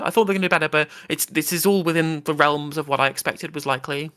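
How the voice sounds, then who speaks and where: Man, fairly high voice, brisk emphatic delivery, casual chat co-host. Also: fairly even intonation, pushed and bright, smooth. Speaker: live stream co-host.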